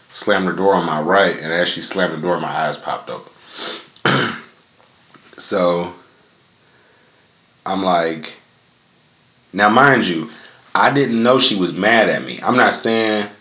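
Slow, with long pauses, the young man's low voice comes across pushed and bright in an echoey room. He's hosting a podcast from his front yard, rambling through a profane, laid-back story packed with fillers.

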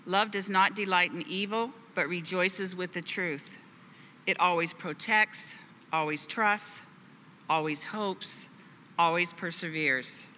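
A woman reading scripture aloud in a measured, deliberate way. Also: lowish voice, sharp tone, long reverb tail, a little hiss or hum.

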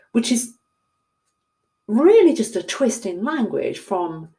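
A woman's voice: medium pitch, lively intonation, moderate pace, warm tone. A middle-aged woman with a southern English accent, a coach chatting casually to her viewers in a rambling, self-deprecating way. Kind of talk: casual talk to camera.

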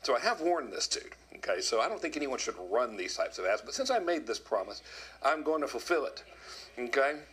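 A man telling a story to his viewers in a casual, animated monologue, often quoting others. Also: medium pitch, a little fast, slightly rough. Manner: animated storyteller, quotes people in put-on voices. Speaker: video commentator.

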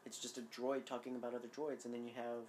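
A woman from Georgia co-hosting a podcast in casual chat, animated and laughing often. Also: rumbling low, quick pace, a little hiss or hum. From Georgia, USA. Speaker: podcast co-host.

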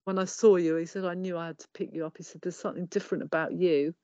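A woman's voice: fairly low pitch, level tone, fast talker, darkish tone, no room sound, dull audio. A middle-aged English woman with an English accent, a podcast guest telling her life story candidly, swearing freely and acting out what people said. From England. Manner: swears freely, tells it bluntly with quoted dialogue.

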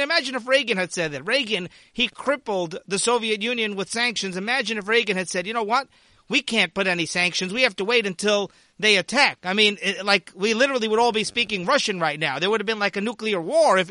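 A man's voice: high voice, sharp tone, no echo, clean studio sound. A man hosting a political commentary show, delivering an opinion monologue in an indignant, sarcastic manner with mocking asides.

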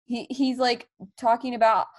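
A woman's voice: fairly high pitch, level tone, moderate pace. Sarcastic woman in a podcast chat. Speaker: podcast co-host. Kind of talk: casual chat.

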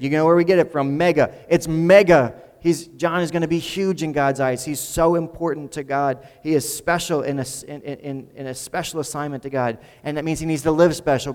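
A man's voice: fairly high pitch, darkish tone, clean tone. Conversational male pastor in a reverberant hall. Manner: conversational, repeats words when building a point. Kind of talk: sermon.

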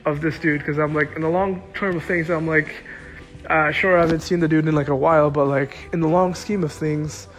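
A man's voice: fairly high pitch, fairly even intonation, a little fast, soft background music. A young man telling a personal story in a casual, rambling way, full of filler words.

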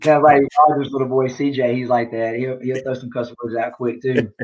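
A man's voice: medium pitch, little pitch movement, a little fast, darkish tone, a little hiss or hum. A man chatting as a guest on a podcast, easygoing and joking. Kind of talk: casual podcast chat. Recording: dull lo-fi sound.

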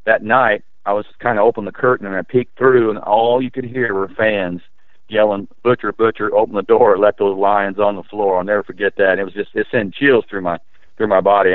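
A middle-aged man, a former high school basketball player, telling his memories in a rambling, animated way with many fillers. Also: dry recording, narrow, tinny audio. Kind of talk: casual interview storytelling.

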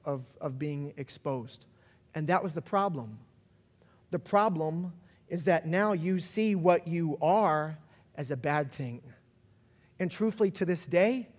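A man preaching in a big hall, his slightly high voice ringing with long reverb. He tells stories as he goes, slowing right down for quiet points, then speeding up and rising to near-shouts. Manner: storytelling, varies pace, builds to shouts. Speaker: pastor. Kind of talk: sermon.

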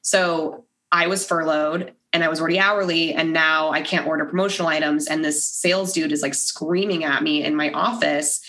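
A woman, a podcast guest, telling a story in casual conversation. She is animated, acts out the dialogue she quotes and says "like" often. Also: deep voice, moderate pace, few pauses.

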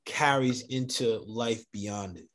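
A man's voice: mid-range voice, slow, a bit bright. A man hosting a podcast interview, asking loose, enthusiastic questions full of fillers. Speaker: podcast host.

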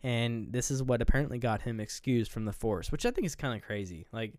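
A man's voice: mid-range voice, fairly quick, darkish tone, no room sound, clean studio sound. A man co-hosting a podcast, rambling through a movie plot with laughs. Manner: rambling retelling of scenes, laughs often. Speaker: podcast co-host. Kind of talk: casual movie review chat.

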